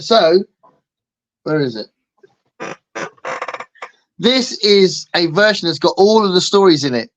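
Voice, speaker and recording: A man co-hosting a casual livestream chat, relaxed, reading out viewers' comments. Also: a little high, dry recording, highs cut off. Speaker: co-host.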